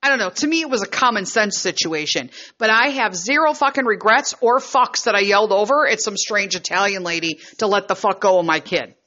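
A middle-aged woman tells her story in a frank, heated and profane way. Her voice is bright and edged, and the recording is a little muffled and lo-fi. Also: medium pitch, brisk, few pauses. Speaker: vlogger and mother. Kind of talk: casual storytelling.

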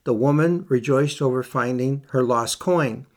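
A man's voice: mid-range voice, unhurried, a little mellow. Guy doing a bible study podcast, reads verses out, repeats stuff for emphasis, talks plain. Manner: reads scripture aloud, repeats key phrases for emphasis; plain conversational teaching with occasional fillers. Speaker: Bible teacher.

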